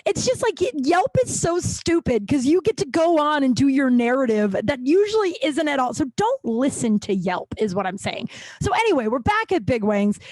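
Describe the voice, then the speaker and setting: A woman hosting her podcast, telling old workplace stories in a rambling, profane, animated way. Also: no echo. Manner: profane, rambling, animated, with sudden jumps in pitch. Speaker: podcast host. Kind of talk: casual storytelling monologue.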